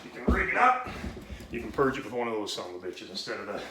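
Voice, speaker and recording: A man's voice: on the low side, sing-song, fast. A man hosting a home brewing video, giving a casual how-to demonstration in a rambling, profane way and talking himself out of breath. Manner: rambling, profane, self-interrupting. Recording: roomy echoey room, faint noise.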